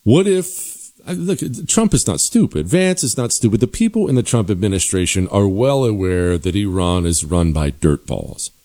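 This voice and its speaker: Low-voiced forceful commentary host. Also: male voice, very animated, normal speed, few pauses. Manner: forceful, sarcastic, emphatic repetition. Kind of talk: opinionated political commentary.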